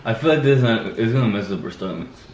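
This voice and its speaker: A man's voice: on the low side, animated, quick pace, a little mellow, reverberant, slight background noise. A man joking around with friends in a car, teasing and offhand. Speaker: friend behind the camera. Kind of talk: casual banter.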